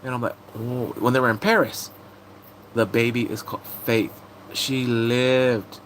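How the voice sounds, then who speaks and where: A man casually recapping TV episodes, excitable and rambling, breaking into sudden high squeals. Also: a little slow, a little hiss or hum, rough recording. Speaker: TV recap host.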